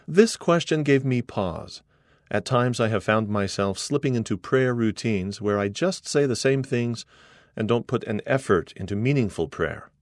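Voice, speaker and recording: A middle-aged man reading an article aloud as scripted narration, earnest and measured, quoting scripture. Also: mid-range voice, no echo, clean studio sound.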